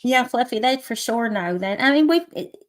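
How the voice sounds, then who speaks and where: A woman's voice: a little high, animated, moderate pace. A woman with a thick Appalachian accent, co-hosting a livestream in casual chat and laughing often. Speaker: livestream co-host.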